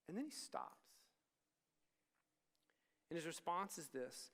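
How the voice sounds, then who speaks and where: High-voiced male preacher in an echoing hall. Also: expressive, a little slow, pauses often, fairly bright tone. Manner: conversational, acts out dialogue. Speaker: student ministry speaker. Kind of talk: sermon. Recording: long hall reverb.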